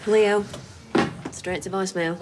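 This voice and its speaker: A woman in a television soap drama, talking in a brisk, direct way. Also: medium pitch, fairly even intonation, over music, natural voice.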